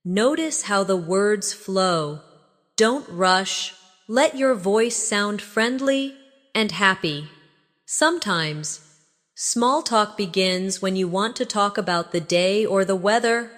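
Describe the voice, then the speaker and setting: A woman's voice: medium pitch, expressive, slow, a bit bright, long reverb tail. A woman teaching an English lesson in scripted narration, speaking patiently and encouragingly and modeling phrases for listeners to repeat.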